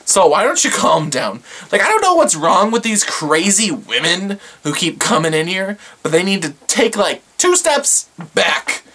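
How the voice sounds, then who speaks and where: A bright, clear voice that swings up and down a lot as this vlogger rambles through work stories. The delivery is sarcastic and exasperated. The vlogger keeps acting out what everyone said. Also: mid-range voice, big pitch swings, measured pace, few pauses. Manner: exasperated, sarcastic, acts out quotes; rambling with fillers. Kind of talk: casual storytelling to camera.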